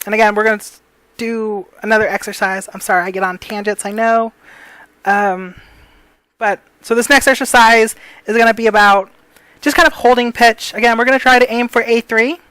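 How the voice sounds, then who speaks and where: A woman teaching breathing and pitch exercises in a casual, rambling way, with many fillers and apologies. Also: steady tone, moderate pace, fairly bright tone, smooth, no room sound, poor audio. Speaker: voice coach. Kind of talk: casual tutorial.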